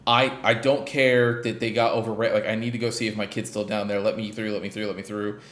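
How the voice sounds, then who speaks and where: A man's voice: lowish voice, flat delivery, fast talker, a bit bright, natural voice. A man voicing a frantic mother who insists on going to find her child, in a roomy space. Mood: desperate.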